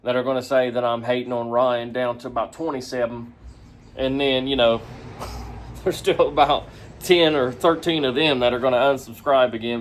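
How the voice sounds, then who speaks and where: A man's voice: medium pitch, a little hiss or hum. A man hosting a reaction commentary vlog, talking in a sarcastic, mocking way and often laughing. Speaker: commentary vlogger.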